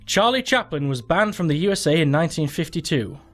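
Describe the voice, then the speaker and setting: A man's voice: on the high side, lively intonation, brisk. A young man hosting a gaming channel, commenting casually and sweary as he plays a quiz game, thinking aloud in disbelief.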